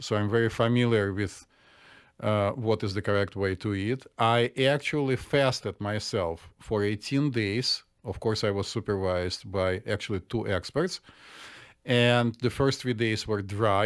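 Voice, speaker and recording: A middle-aged man from the former Soviet Union, a psychiatrist co-hosting a casual chat with dry jokes and slightly stiff phrasing. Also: on the low side. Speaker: podcast co-host, psychiatrist.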